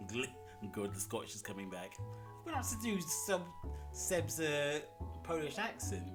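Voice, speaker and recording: A game streamer chatting live with viewers, excitable and rambling, with frequent laughs. The pitch bounces around a lot. Faint game music plays in the background. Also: slow, long pauses. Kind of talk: casual live-stream chat.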